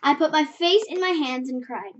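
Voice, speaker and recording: High-voiced girl reading her story aloud. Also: normal speed, a little hiss or hum. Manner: chatty, animated reading with self-corrections. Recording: muffled lo-fi recording.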